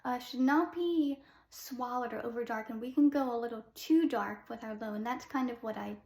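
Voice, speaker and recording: High-voiced woman in a roomy space. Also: normal speed, darkish tone. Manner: chatty, with many fillers and restarts. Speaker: singing teacher. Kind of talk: voice lesson talk to camera.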